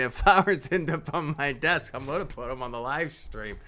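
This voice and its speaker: A man's voice: a little high, normal speed, bright, forceful tone. A man hosting a live stock market stream in casual commentary. He talks in a folksy way, laughs often and keeps asking "right?".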